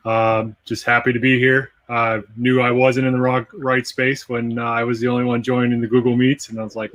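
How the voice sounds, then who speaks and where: A man's voice: mid-range voice, level tone, fairly quick, few pauses, fairly bright tone. A man introducing himself on a video call panel, easygoing and joking.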